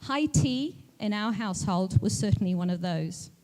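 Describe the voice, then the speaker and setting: A woman's voice: medium pitch, expressive, normal speed, darkish tone. A woman raised in Central Africa with a mixed British, southern African and New Zealand accent, giving a chatty, self-deprecating speech at an event with a touch of put-on poshness. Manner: chatty, self-deprecating, mock-posh delivery. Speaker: guest speaker. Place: event hall with music. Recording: music playing faintly behind.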